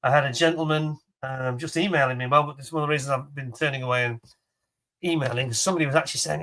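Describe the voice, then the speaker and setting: This auction host's voice is on the high side, fairly bright, quick-paced, and fairly even in intonation. He shows off model kits for charity in a relaxed live-stream chat, hyping every kit with enthusiasm and laughing frequently.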